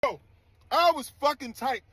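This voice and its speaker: A man with a high, light voice tells a backstage story in rough street slang. He talks in a loose, animated, profane way, quick to get worked up. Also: no echo. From New York. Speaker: DJ telling a story. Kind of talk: casual storytelling clip.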